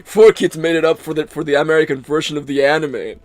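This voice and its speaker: A man voicing a flamboyant millionaire man, smug and teasing, with a drawn-out humming delivery. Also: on the high side, steady tone, no room sound, natural voice.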